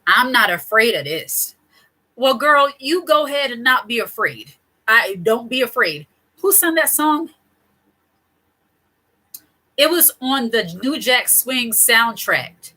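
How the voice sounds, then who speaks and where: Middle-aged woman host, chatty and digressive, bright higher voice, casual advice to camera. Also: animated, slow pace, long pauses, rough recording. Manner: chatty, digressive, laughs often. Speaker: channel host.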